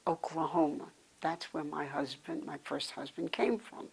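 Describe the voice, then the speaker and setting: Older woman, from New York, low pitch, gravelly, rambling oral-history storyteller. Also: low-quality recording. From New York City. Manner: rambling, backtracking reminiscence. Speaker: interviewee.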